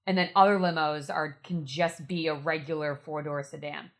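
A woman with a low voice for a woman chats with friends. She explains things matter-of-factly and tells chatty little stories. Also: steady tone, moderate pace. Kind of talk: casual group chat.

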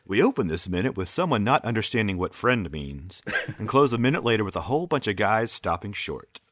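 A man co-hosting a podcast in casual chat, jokey and quick to laugh. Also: fairly low pitch, sing-song, fairly bright tone, dry recording. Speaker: podcast co-host.

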